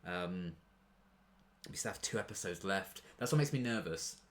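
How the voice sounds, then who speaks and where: A man's voice: low-pitched, expressive, moderate pace. A young man chatting casually in a reaction video, rambling and gushing with restarts and fillers.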